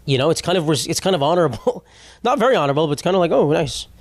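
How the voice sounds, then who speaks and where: Young guy ranting on his podcast, swears a lot, kinda high voice, super dry close sound. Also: lively intonation, very fast, dry recording. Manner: profane, rambling, self-interrupting. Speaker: podcast host. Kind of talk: comedic monologue.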